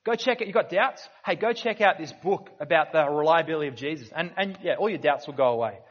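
A man's voice: fairly high pitch, lively intonation, fast, dull audio. A man preaching a sermon as pastor, earnest and conversational, often restarting his sentences.

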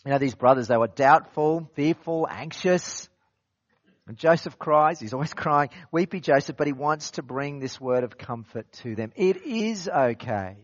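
A man's voice: fairly high pitch, animated, moderate pace, no echo, muffled recording. A man preaching an expository sermon in a conversational way, repeating phrases and asking rhetorical questions. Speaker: pastor.

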